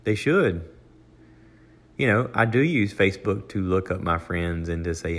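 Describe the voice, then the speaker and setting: An older man with a very low voice talks loosely through a solo podcast, with an American accent. He wanders from point to point with plenty of "uh" and "you know", and restarts his sentences. When he quotes someone, his pitch jumps up. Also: normal speed. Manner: rambling, conversational, with many fillers and restarts. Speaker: podcast host. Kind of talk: casual solo monologue.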